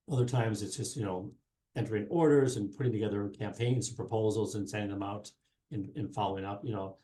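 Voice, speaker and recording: Middle-aged male guest, casual rambling talk, warm dark tone, roomy echoey sound. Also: fairly low pitch. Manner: rambling, many fillers and restarts. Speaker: guest, sports marketing specialist and former TV reporter. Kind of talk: casual interview chat. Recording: roomy echo.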